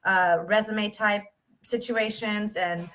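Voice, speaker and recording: A woman's voice: mid-range voice, steady tone, slow, a bit bright. A woman hosting a casual interview, upbeat and encouraging as she wraps up. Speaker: podcast host.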